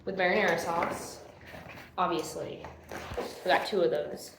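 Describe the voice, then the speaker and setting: A young woman co-hosting a podcast, chatting casually while eating, giggly and excitable. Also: on the low side, measured pace. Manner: giggly, excitable, breaks into squeals. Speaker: podcast co-host. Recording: echoey room, faint hiss.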